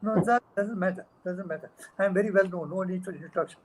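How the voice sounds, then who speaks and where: A man, a guest speaker on a video call, telling an animated anecdote and acting out the dialogue with chuckles. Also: sits high, quick pace, slight background noise, low-quality recording. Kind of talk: storytelling talk.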